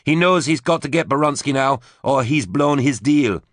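A man voicing a tough, foul-mouthed young woman who speaks defiantly and forcefully in an audiobook. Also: mid-range voice, moderate pace, dry recording, clean studio sound, voice pushed up, lightly acted. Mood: grim. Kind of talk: audiobook character voice.

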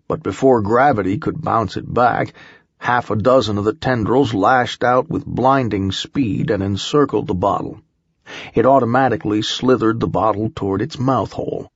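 A man narrating a first-person audiobook in a measured, unhurried storytelling manner. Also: lowish voice, husky, no echo, muffled recording.

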